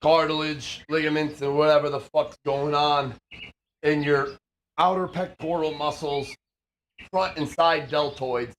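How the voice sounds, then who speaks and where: A high-voiced young man at the gym, swearing freely as he preaches self-improvement. His delivery is intense and forceful, and it swings from fast, clipped jabs to drawn-out shouted lines. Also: fairly even intonation, a little hiss or hum. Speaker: fitness livestreamer. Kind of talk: motivational rant.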